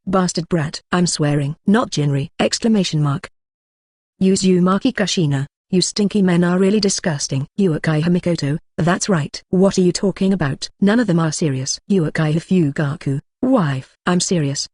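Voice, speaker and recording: A text-to-speech audiobook narrator reading a web novel, speaking punctuation marks like "exclamation mark" aloud in an even delivery. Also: medium pitch, dry recording, clean studio sound.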